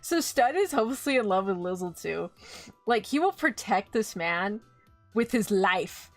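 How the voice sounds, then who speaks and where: A woman streaming live, casually recapping an anime, animated and swearing freely as she acts out quick quotes. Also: medium pitch, faint music behind. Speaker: VTuber streamer.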